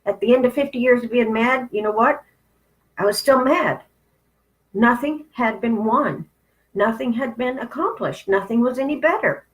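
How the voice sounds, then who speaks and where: A woman's voice: a little high, normal speed, rough recording. A woman in her fifties giving a candid spiritual talk, blunt and conversational with some profanity. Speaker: spiritual channel host.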